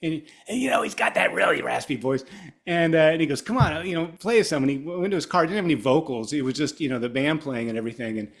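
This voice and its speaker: The guest here is a middle-aged Ohio guitarist whose voice is fairly high, fast and creaky. Chatting casually in an interview, he rambles through lengthy stories with animation, impersonating the people he quotes.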